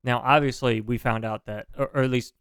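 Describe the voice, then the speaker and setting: Man, podcast co-host, casual chat, reads updates with fillers, smooth voice, dead dry sound. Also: mid-range voice, steady tone, fairly quick, a bit bright, dry recording. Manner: apologetic, reads news updates aloud with fillers.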